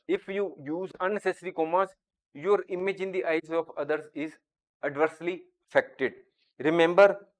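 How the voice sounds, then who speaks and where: A male teacher giving a grammar lesson, reading example sentences slowly and explaining each point deliberately. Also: high voice.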